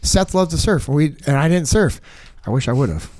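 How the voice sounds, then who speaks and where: A man's voice: fairly high pitch, moderate pace, no room sound. A man telling a personal story in casual podcast chat, acting out what people said, with plenty of fillers. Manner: animated storyteller, acts out quotes, many fillers. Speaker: podcast guest. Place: podcast studio.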